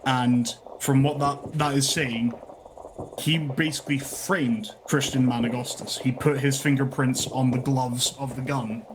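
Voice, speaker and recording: A man in the game master's seat talks his players through a story recap in a loose, rambling way, often backing up to fix what he just said. His voice sits at an ordinary middle pitch. He comes through a headset over voice chat, with clear noise under the sound. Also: fairly even intonation, unhurried. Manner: rambling, self-correcting explanation. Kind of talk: out-of-character mission recap.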